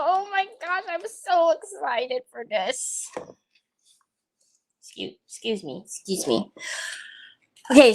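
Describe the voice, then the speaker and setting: A woman chatting her way through a crafting livestream, with a voice that sits a bit high. She takes her time, unhurried between phrases, and is excitable and playful, talking to herself as she works. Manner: chatty and excitable, thinks aloud. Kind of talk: casual crafting livestream chat.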